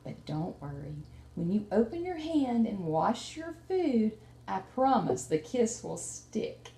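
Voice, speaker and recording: A woman reading as a gentle mother raccoon. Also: high voice, lively intonation, normal speed. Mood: tender. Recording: roomy room with faint noise.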